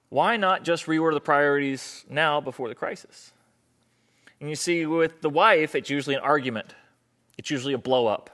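A man speaking on stage before an audience, animated, acting out dialogue in raised voices and repeating phrases for emphasis. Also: fairly high pitch, moderate pace. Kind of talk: motivational talk with a live volunteer.

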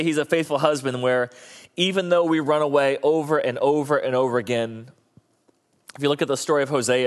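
A male pastor preaching a sermon, an animated storyteller who slips into high comic voices when quoting. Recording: long reverb of a large hall.

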